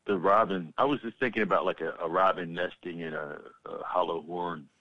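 A man's voice: deep voice, brisk, no echo, dull audio. A man talking on a radio show, rambling and hesitant, a bit self-conscious. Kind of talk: casual radio chat.

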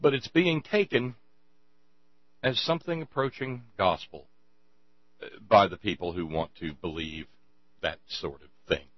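A man's voice: deep voice, unhurried, long pauses, dry recording, lo-fi sound. A man hosting a show, rambling sarcastically in casual commentary, stumbling over restarts.

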